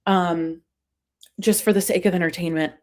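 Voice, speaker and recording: A woman with a Long Island accent, a comedian and brand strategist talking casually as a podcast guest, animated and quick to laugh at herself. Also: fairly low pitch, a little hiss or hum. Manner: animated, laughs often, self-deprecating.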